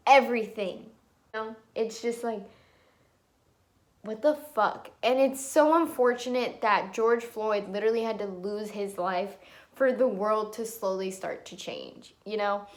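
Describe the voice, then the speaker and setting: A woman's voice: a little high, a bit bright. Fired-up young woman swearing as she vents. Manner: angry, emphatic, frequent swearing. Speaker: vlogger. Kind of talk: impassioned opinion vlog.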